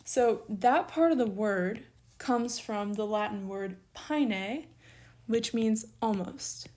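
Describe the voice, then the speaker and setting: A woman's voice: fairly high pitch, darkish tone. Patient woman teaching a language lesson. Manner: patient, spells out letters slowly. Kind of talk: recorded online lesson.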